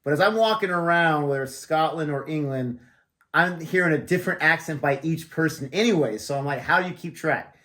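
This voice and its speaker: An American man with a fairly high, brisk voice and a bright, forceful tone hosts a reaction channel. He jokes and chats casually with a friend at the friend's house, laughing often.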